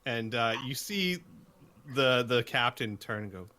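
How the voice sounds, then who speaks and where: A man narrating a tabletop game as game master, halting and full of fillers. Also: medium pitch, lively intonation, sharp tone, slight background noise.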